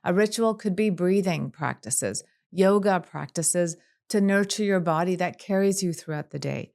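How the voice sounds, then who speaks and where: A woman clinical psychologist speaking as a podcast guest, calm and measured, running through long lists of examples. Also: on the low side, gravelly. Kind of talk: podcast interview.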